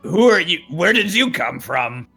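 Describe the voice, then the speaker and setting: A small reptilian kobold guard, caught off guard and suspicious, voiced by a man running the game. He fires off short, wary questions. The tone is bright and forward. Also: high voice, sing-song, unhurried, creaky, slightly rough, soft background music, pitched above the performer's own voice, heavily acted.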